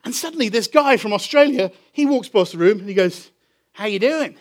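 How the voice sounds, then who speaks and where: Preaching a sermon, this English pastor has a voice that is strikingly high for a man. His storytelling is animated and expressive, and he draws the key phrases out slowly.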